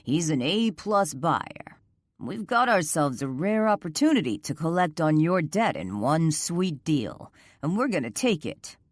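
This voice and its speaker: A woman narrator voicing a smug, cruel male outlaw gang boss who speaks with a slow, calm, taunting drawl. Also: deep voice, no echo, studio quality, exaggerated voice. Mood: menacing.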